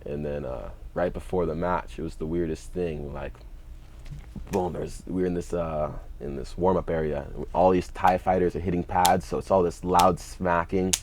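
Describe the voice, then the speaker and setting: Laid-back young man with a very low voice. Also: fairly even intonation, normal speed, darkish tone, slight background noise. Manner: laid-back, many "you know"s and "like"s. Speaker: podcast guest, fighter. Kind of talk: casual storytelling.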